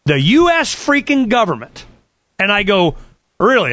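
A man telling a long story in an excited, sarcastic rant, acting out what others said to him. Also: high voice, measured pace, no room sound. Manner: excited, sarcastic, quotes others in retold dialogue. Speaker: political campaigner.

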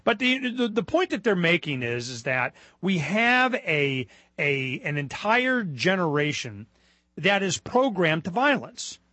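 A man hosting a casual political talk radio show, animated and rambling. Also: high voice, a little slow, no echo.

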